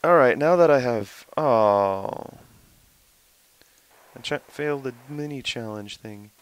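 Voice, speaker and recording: A young man giving casual gameplay commentary, goofy and swearing, who often jumps into high excited yelling. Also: slow, clear, resonant tone, poor audio. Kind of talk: casual let's-play commentary.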